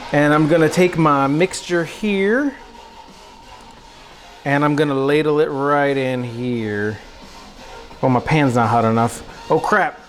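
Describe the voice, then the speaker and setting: A young man with a fairly high voice hosts a laid-back cooking livestream, chatting as he works at the stove. He's goofy and pokes fun at himself, addressing viewers as bro and dude.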